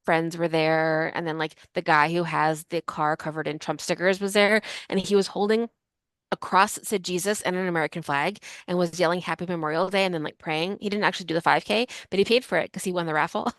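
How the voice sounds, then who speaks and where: Woman in her 40s, podcast co-host, quick rambling chatter, lowish voice, dry close sound. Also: no room sound. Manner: fast, rambling storyteller. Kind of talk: casual chat. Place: Yucca Valley.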